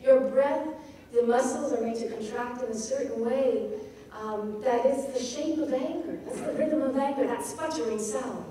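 A woman with a fairly high, mellow voice gives a relaxed talk on the rhythm of poetry. She speaks thoughtfully and often stops to find the right word. She is recorded from a distance in a very echoey room with faint background noise. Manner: thoughtful, pauses to search for words. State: feeling cold. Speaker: poetry teacher. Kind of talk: informal lecture on poetry.

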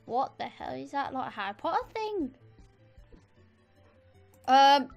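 A woman giving chatty let's play commentary, easily excited and talking straight to her viewers. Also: high-pitched, measured pace, vocal fry, highs cut off, soft background music. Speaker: gamer.

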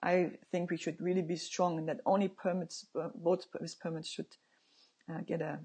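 A woman advocating for marine conservation, explaining proposed rules to viewers in a halting, informal way with frequent filler sounds and plain personal opinions. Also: fairly low pitch, little pitch movement, a little mellow, husky.

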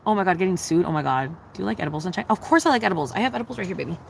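A woman's voice: fairly low pitch, expressive, racing, vocal fry, slight background noise, poor audio. A young woman chatting casually on a livestream, answering her chat in a blunt, profane, giggly way.

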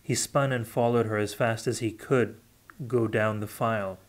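A man reading a fantasy novel aloud unrehearsed, steady with occasional self-corrections. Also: lowish voice, normal speed. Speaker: audiobook reader. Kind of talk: unrehearsed audiobook narration.

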